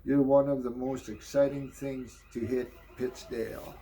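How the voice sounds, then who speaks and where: A man's voice: medium pitch, flat delivery, warm tone. A man reading a comic book aloud in a casual, offhand way, ad-libbing and swearing between panels. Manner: slow, offhand, swears and ad-libs.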